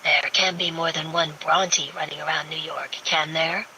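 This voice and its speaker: A woman voicing a brooding, scarred billionaire man who speaks low and quiet. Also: fairly even intonation, normal speed, slight background noise, low-quality recording.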